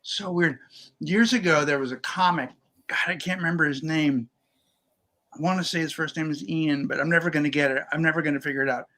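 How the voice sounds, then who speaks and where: A male podcast co-host with a fairly high, forceful, bright voice. He tells loose, anecdotal stories in easy, casual chat. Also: brisk. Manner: relaxed anecdotal storytelling.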